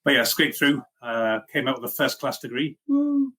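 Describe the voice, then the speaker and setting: A middle-aged Liverpool man, a software engineering leader, chats casually as an interview guest in a Liverpool-Welsh accent, self-deprecating and full of fillers and restarts. His mid-range voice is husky, pushed and bright, with a steady tone at a moderate pace.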